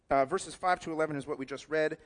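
Wry man preaching in a reverberant hall. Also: fairly high pitch. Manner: casual, wry retelling with asides; corrects himself mid-sentence. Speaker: pastor. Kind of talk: sermon.

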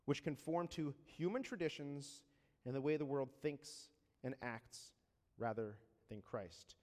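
A man preaching a sermon in a conversational way, often checking in with rhetorical questions and slowing down to read scripture deliberately. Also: mid-range voice, animated, darkish tone. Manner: reads scripture slowly and deliberately. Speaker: pastor. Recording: long reverb of a large hall.

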